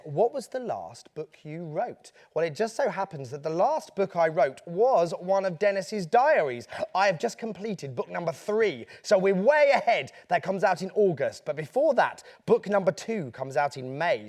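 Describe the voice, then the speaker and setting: A man, a children's author, playfully hosting a live online event and answering kids' questions. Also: on the high side. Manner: playful, upbeat, chatty.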